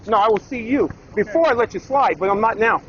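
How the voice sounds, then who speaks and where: Man, high pitch, defiant and insistent, muffled lo-fi street clip. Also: fairly quick, fairly bright tone. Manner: defiant, insistent, repeating phrases. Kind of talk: heated confrontation caught on camera. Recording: dull, lo-fi clip with faint background noise.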